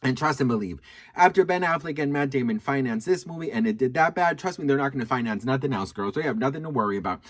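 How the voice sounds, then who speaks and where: Sassy, animated man telling gossip. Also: medium pitch, quick pace. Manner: sassy, animated, swears a lot, calls viewers girl. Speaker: video creator. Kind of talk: gossipy storytime to camera.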